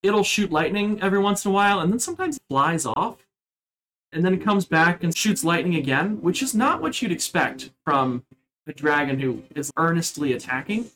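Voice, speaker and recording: A man narrating a tabletop game as game master, describing scenes with steady, measured pacing. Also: on the high side, rough recording.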